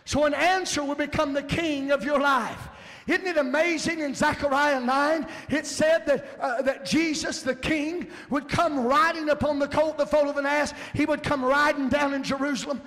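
A man preaching a sermon in a church, fervent and building to emphatic shouts. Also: very high voice, steady tone, moderate pace. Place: church sanctuary. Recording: long church hall reverb.

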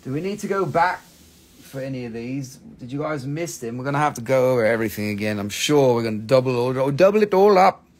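Quick and lively in intonation, a man's mid-range, darkish voice carries a casual live sales chat as he sells stones on a stream. He jokes, swears without restraint, and slips into silly voices.

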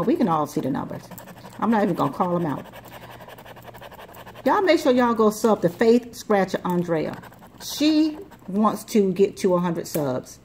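A woman with a medium-pitched, slightly mellow and slightly rough voice hosts a lottery scratch-off video. She chats casually and rambles as she scratches tickets, repeating words.

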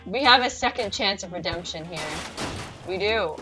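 A woman hosting a gaming channel, giving excitable, swear-filled commentary on her own gameplay with sudden squeals. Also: mid-range voice, normal speed, music in the background. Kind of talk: let's play commentary.

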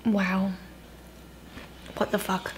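A woman's voice: mid-range voice, level tone, extremely slow, roomy sound. A young adult woman hosting a casual home cooking vlog, sarcastic and self-mocking as she talks through the recipe. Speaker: cooking vlogger. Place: home kitchen.

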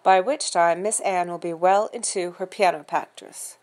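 A woman voicing a stiff, pompous male butler who speaks in a formal, slow and precise way. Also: lowish voice, steady tone, close to an everyday voice. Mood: stiffly formal. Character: stiff, pompous middle-aged male English-style butler.

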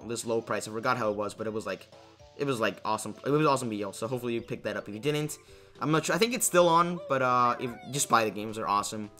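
Bright-voiced young man rambling over gameplay. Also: mid-range voice. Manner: rambling, self-deprecating, many fillers and restarts. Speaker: let's play host. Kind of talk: casual gameplay commentary.

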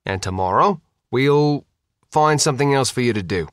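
Narrator as a tired, firm male boss, lively delivery, audiobook. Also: medium pitch, moderate pace, no echo, clean studio sound, natural voice. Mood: weary. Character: harried adult male boss, weary uncle.

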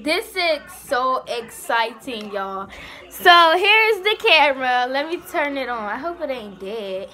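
A young woman vlogs in a high, bright, bubbly voice. She sounds giddy and slightly out of breath as she chats with her viewers. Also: slow. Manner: excited, bubbly, chatty. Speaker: vlogger. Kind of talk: casual vlog chat.

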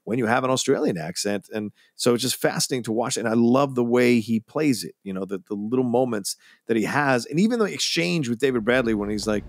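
A man's voice: medium pitch, lively intonation, fairly quick, few pauses, no echo. Enthusiastic man chatting about movies. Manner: enthusiastic, rambling, swears casually. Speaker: podcast co-host. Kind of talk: casual film discussion.

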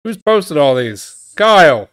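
A man's voice: on the high side, very animated, takes it slowly, fairly bright tone, no echo. A man hosting a reaction video, making amused, offhand remarks about gaming clips. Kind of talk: casual reaction commentary.

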